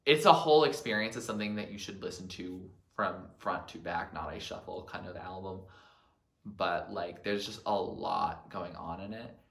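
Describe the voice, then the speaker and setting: A man's voice: low voice, normal speed, gravelly, a bit bright, reverberant. A man vlogging casually about his favorite albums, chatty and full of filler words. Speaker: music vlogger.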